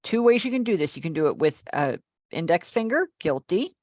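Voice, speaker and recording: A woman's voice: on the low side, sing-song, a little fast, darkish tone, dry recording, clean studio sound. A middle-aged woman teaching a live online class, explaining patiently and checking in with her students. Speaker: sign language teacher.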